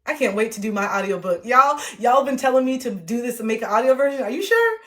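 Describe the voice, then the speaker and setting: A woman's voice: on the high side, animated, a bit bright. A woman livestreaming, chatting casually with her viewers and reading passages aloud from her own self-help book, playful and sassy. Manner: playful and sassy, with frequent laughter and drawn-out self-talk.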